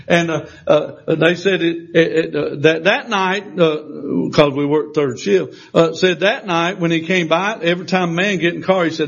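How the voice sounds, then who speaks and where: A male preacher tells a personal testimony in a folksy, meandering way. He stumbles into restarts and acts out the other people's voices, and his voice sits fairly high. The recording sounds dull and lo-fi. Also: breathy edge.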